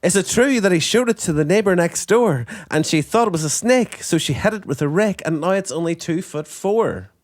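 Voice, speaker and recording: A deadpan schoolteacher in her thirties, read by a performer in a comedy script read-through. Her line readings are dry and crude, yet her pitch moves a lot. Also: a little fast, hardly any pauses, dry recording, natural voice.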